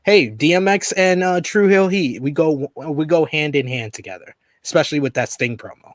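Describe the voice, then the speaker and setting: A man co-hosting a casual wrestling review podcast, animated and quick to laugh as he quotes wrestlers. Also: fairly high pitch, no room sound. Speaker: podcast co-host.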